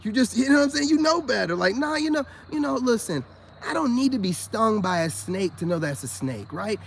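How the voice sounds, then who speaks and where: High-voiced laughing American man. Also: expressive, a little fast, vocal fry, a little hiss or hum. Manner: laughs often, loose slangy delivery. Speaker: spiritual self-help vlogger. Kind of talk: casual rambling commentary to viewers.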